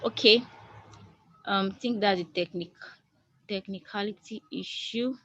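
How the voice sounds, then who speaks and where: A woman's voice: medium pitch, a little slow, fairly bright tone, dry recording. A woman moderating a video call Q&A, reading questions aloud with hesitant restarts. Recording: dull lo-fi video call audio.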